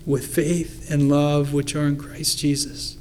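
Slow-speaking earnest male preacher. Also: fairly high pitch, flat delivery, a little mellow, slight background noise. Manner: earnest, conversational preaching, reads scripture with emphasis. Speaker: pastor. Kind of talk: sermon.

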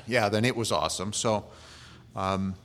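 A man's voice: lowish voice, moderate pace, a bit bright. A male pastor preaching a sermon in a conversational way, with humorous asides.

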